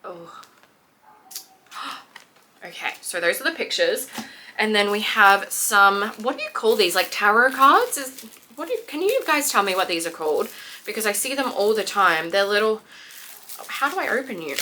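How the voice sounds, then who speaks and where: A young woman chatting excitedly to viewers as she unboxes a book parcel. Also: mid-range voice, moderate pace, long pauses, slight background noise. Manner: gushing, excitable, talks to viewers. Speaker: book vlogger. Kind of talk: casual unboxing chat.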